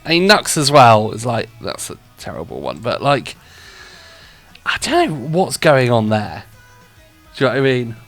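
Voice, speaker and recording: Host di uno stream, voce maschile media, chiacchierone e divagante, leggera musica di sottofondo. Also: male voice, medium pitch, very animated, normal speed, long pauses, a bit bright, faint music behind. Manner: rambling, chatty, laughs often. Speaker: radio show host and streamer. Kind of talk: casual live-stream chat.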